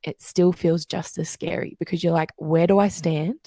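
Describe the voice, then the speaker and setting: A woman's voice: on the low side, fairly even intonation, normal speed, mellow, no room sound, studio quality. A woman guest coach explaining things in casual interview chat, telling stories and acting out the voices she quotes.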